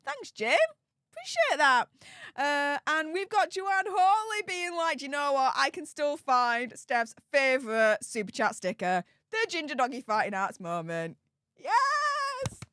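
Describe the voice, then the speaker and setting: A woman's voice: high voice, very animated, unhurried, fairly bright tone, no room sound, studio quality. A woman hosting a live stream, reading out super chats and thanking viewers over and over in a bubbly way. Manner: bubbly, repeats thanks many times.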